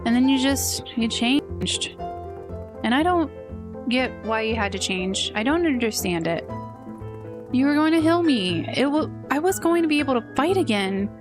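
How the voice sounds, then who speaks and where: A woman's voice: high voice, animated, normal speed, voice pushed up. A woman voicing an earnest, troubled young woman, reading her lines with emotion over game music. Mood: pleading.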